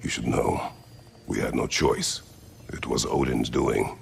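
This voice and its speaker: An actor playing a stern, grizzled warrior god and father who speaks tersely in a very deep, gravelly voice. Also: unhurried, slight background noise, full character voice. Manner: terse and flat. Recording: game audio with music behind.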